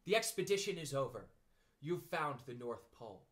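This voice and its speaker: A man's voice: medium pitch, big pitch swings, normal speed, fairly bright tone. Kind earnest storybook boy, voiced by a man. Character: earnest young boy leader.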